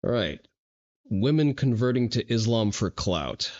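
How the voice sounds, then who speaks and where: A man's voice: mid-range voice, big pitch swings, unhurried, a little mellow, muffled recording. A man streaming and reacting to videos with dry, mocking asides. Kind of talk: sardonic live reaction commentary.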